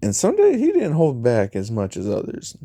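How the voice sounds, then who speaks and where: With wildly swooping pitch around a medium register, a man rambles casually through a fan-made story, recounting dialogue via "he's like" and "you know." He speaks at normal speed in a warm tone, and there's no room sound.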